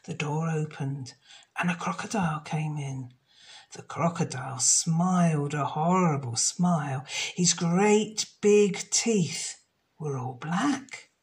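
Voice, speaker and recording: A woman reading a children's story aloud, slow and expressive. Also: sits low.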